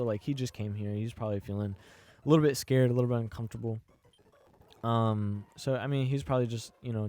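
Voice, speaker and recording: A man's voice: mid-range voice, a little mellow. A young man talking casually on a podcast, rambling and full of fillers and restarts. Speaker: podcast host. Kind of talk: casual chat.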